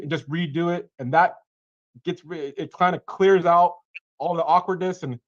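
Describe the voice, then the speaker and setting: A man coaches a cold caller in a relaxed, animated way, now and then acting out both sides of a call. His voice sits fairly high. It comes through a dull, lo-fi video call connection. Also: normal speed. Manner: animated, acts out caller and seller lines.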